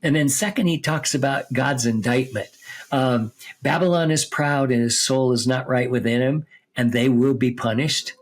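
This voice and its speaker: Podcast Bible teacher, male, husky mid-range voice, explains passages step by step and checks in often. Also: medium pitch, normal speed. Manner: explains step by step, reads scripture aloud, checks with "okay?" and "right?".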